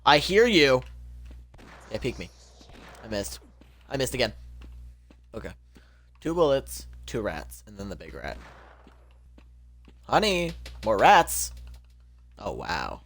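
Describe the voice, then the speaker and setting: A man's voice: lowish voice, sing-song, unhurried, pauses often, fairly bright tone. A young man casually commenting on his own gameplay, joking and exclaiming as he goes. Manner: jokey, exclaiming, talking to himself. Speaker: streamer.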